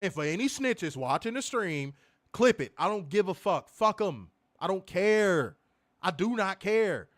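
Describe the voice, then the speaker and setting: Angry male co-host, high voice, profane heated rant on a stream. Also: sing-song, a little slow. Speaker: wrestling show co-host.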